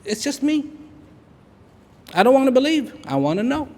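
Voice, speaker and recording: Man, fifties, high lively voice, echoey large hall, repetitive emphatic speech. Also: moderate pace. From India. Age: 50s. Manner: repetitive, emphatic, swings from hushed to loud. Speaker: public speaker. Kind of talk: inspirational speech to an audience.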